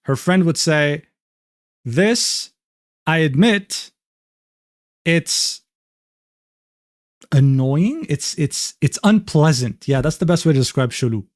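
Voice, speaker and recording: A male streamer in casual, profane commentary, his voice sitting a little high for a man. The sound is close and dry, with no room around it. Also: animated, takes it slowly, long pauses, no echo. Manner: casual, swears freely, laughs often. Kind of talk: casual commentary reading DMs aloud.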